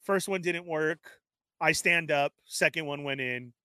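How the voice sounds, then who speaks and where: A man telling an animated story in casual chat, laughing often and acting out the dialogue. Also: on the high side, unhurried, clear, resonant tone, no room sound. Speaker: show regular telling a story.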